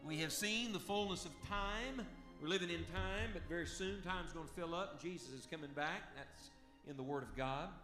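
A male pastor preaching a sermon emphatically, asking the congregation questions and reading scripture aloud slowly. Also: on the high side, over music.

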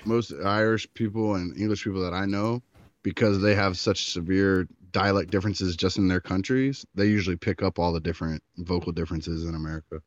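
A man's voice: low voice, fairly even intonation, a little fast, dry recording. A man co-hosting a casual podcast, crude and joking, filling his talk with "like". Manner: crude, joking, says "like" often. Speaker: co-host. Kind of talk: casual chat. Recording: dull lo-fi sound.

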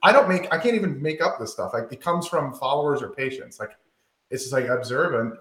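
A man's voice: medium pitch, expressive, fairly quick, a bit bright. A man who is a doctor, a podcast guest chatting casually in a laid-back, self-deprecating way and laughing easily. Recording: roomy echo.

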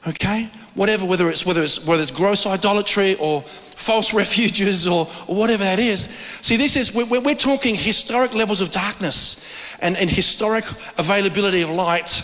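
A middle-aged Australian man preaching from the pulpit, his fairly high voice climbing when he gets going. He often repeats words as he builds his point. A long reverb from a large church hall trails behind him. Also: a little fast, few pauses, fairly bright tone. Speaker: pastor. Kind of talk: sermon.

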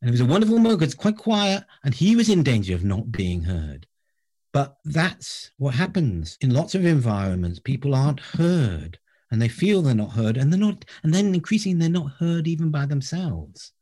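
A man, a professor, telling stories earnestly in an interview and dropping to a soft voice on key words. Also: mid-range voice, sing-song, normal speed. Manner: earnest, varies loudness, drops to soft near-whisper on key words. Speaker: professor, guest. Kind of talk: reflective interview storytelling.

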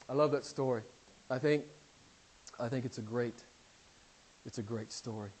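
A male pastor preaching a sermon from the pulpit, repeating key phrases and swinging between loud emphasis and near-whispers. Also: medium pitch, moderate pace, pauses often, slight background noise, rough recording. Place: church pulpit.

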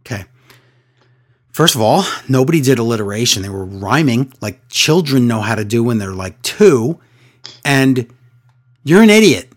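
Co-hosting a laid-back wrestling recap podcast, a man with a medium-pitched voice speaks at a moderate pace and is very animated. He sounds sarcastic and fed up, often mimicking wrestlers in a raised voice.

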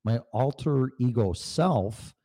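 Male podcast host, casual and blunt; dark, mellow tone, animated delivery. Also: medium pitch, slow pace. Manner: blunt, swears freely, laughs often. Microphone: home studio mic through small mixer.

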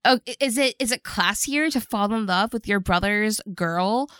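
A woman's voice: mid-range voice, moderate pace, a bit bright, smooth, no room sound, clean studio sound. A woman co-hosting a podcast, chatting casually and cracking jokes while recapping a movie. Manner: playful, joking asides. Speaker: podcast co-host.

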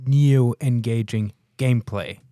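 A man co-hosting a podcast, making his case earnestly with halting restarts. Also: mid-range voice, mellow, no echo, clean studio sound. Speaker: podcast co-host. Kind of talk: casual debate chat.

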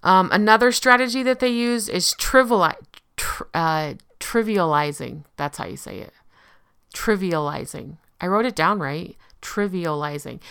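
Give me a woman explaining things casually, with a bright, sharp tone, who keeps checking in with the listener. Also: lowish voice, smooth. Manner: conversational, often checks in with the listener. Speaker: speaker on relationship abuse.

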